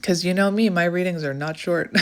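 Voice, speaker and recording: A woman who is out of breath, giving a rambling, musing tarot reading in a casual spoken style. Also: lowish voice. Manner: musing, rambling, filler-heavy. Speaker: tarot reader.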